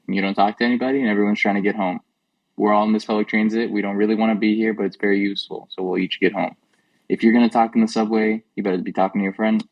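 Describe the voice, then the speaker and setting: Lower-voiced laid-back man, dry sound. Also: no echo, far from the mic, low-quality recording. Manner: relaxed, fills talk with "like". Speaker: podcast co-host. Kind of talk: casual chat.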